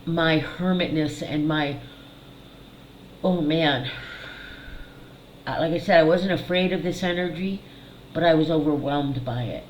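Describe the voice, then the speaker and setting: Candid halting middle-aged woman. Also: low voice, steady tone, reverberant, slight background noise, poor audio. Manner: candid, halting, repeats words, swears. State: tearful at times. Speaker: psychic healer. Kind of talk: emotional personal video monologue.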